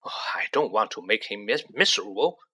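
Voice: medium pitch, expressive, a little fast, sharp tone, slightly rough. A reader voicing a middle-aged storybook father who talks heatedly and earnestly.

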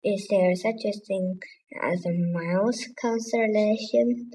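A woman voicing an eager, excited young girl in a read-aloud storybook, lifting her voice higher for the part. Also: slow pace, recorded from a distance, a little hiss or hum, natural voice, poor audio. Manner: higher, brighter, excited delivery.

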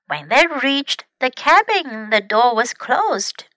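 A woman English teacher reading a storybook aloud slowly and clearly, switching between two languages, on a close microphone. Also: high-pitched, sing-song, pushed and bright, no room sound. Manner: slow, clear, careful reading.

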